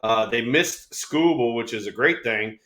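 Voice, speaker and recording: Older guy yakking about baseball, rambly, says you know a ton, mid-pitched. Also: measured pace, a bit bright, roomy sound. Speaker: former ballplayer co-host. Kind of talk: casual sports chat.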